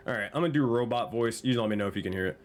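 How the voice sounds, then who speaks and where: A man's voice: mid-range voice, very fast. A man running a tabletop game on stream, talking casually, exasperated and swearing often. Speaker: game master.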